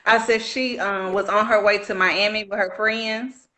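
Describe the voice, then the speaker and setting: A woman from Alabama speaks as a guest author in a relaxed interview. She tells stories with animation, laughs often, and her voice sits in a middle range. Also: medium pitch, moderate pace. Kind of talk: casual interview.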